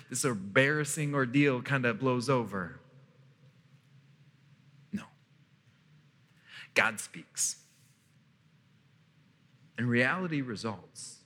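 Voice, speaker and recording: A man preaching a sermon as pastor, emphatic, with dramatic pauses and repetition. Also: medium pitch, sharp tone, husky, long reverb tail.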